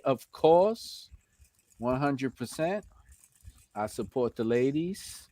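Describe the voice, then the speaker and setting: A man with a New York accent hosting a casual live stream, giving shout-outs to viewers and laughing often. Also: on the high side, dry recording. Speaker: host.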